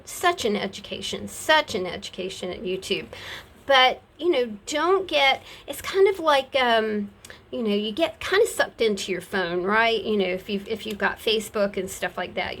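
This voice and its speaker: A woman's voice: fairly high pitch, fairly bright tone. Chatty woman showing craft supplies. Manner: chatty and rambling, laughs at herself. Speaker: craft seller showing her products. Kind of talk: casual craft show-and-tell.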